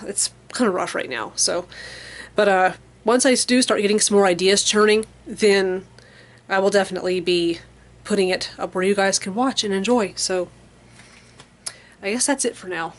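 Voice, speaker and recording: A young woman vlogging from her basement bedroom in a rambling, frank, casual chat, full of fillers and soft laughs. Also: mid-range voice, normal speed. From American Midwest or South region. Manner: frank and chatty, laughs softly between thoughts.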